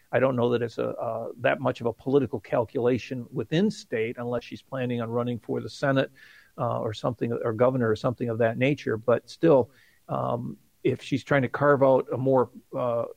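A middle-aged man, a political science professor, giving measured commentary as a radio guest and thinking aloud with restarts. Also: mid-range voice, creaky, a little mellow, no room sound.

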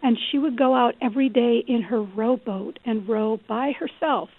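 Gravelly-voiced woman guest on a phone line. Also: a little high, normal speed, dry recording. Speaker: author and guest. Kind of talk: call-in radio interview.

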